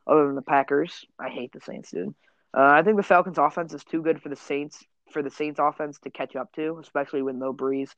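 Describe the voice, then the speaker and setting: A man's voice: fairly high pitch, fairly even intonation, brisk, no echo, lo-fi sound. A young man co-hosting a casual sports podcast, brash and joking, swearing freely. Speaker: podcast co-host.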